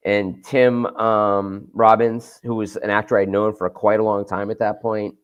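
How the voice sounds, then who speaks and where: A man's voice: fairly low pitch, flat delivery, measured pace, smooth, dull audio. A man in casual chat, rambling and searching for his words as he makes a point. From Boston area.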